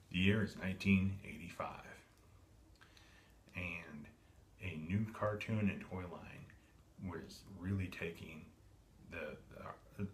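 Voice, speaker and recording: A man casually narrating as he unboxes and shows off a vintage toy, rambling and correcting himself with lots of ums. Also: deep voice. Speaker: toy collector vlogger. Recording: echoey room with steady background noise.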